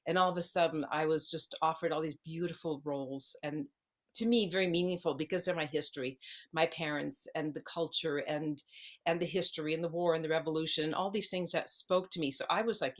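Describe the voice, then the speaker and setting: A woman's voice: low-pitched, fairly even intonation, brisk. Rambling woman around sixty telling stories. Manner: rambling, digressive, circling back. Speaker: actress guest. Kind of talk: casual interview storytelling.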